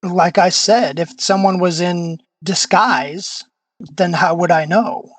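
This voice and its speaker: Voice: mid-range voice, dry recording, low-quality recording. Hesitant player in character. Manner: measured, hesitant, evasive. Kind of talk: in-character tabletop role-play.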